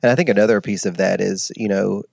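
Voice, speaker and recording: A man speaks as a guest, lowish in pitch and recorded dry and close. He tells his story in an animated, rambling way, often laughing. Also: quick pace, creaky, dry recording. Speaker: interview guest. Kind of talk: casual chat.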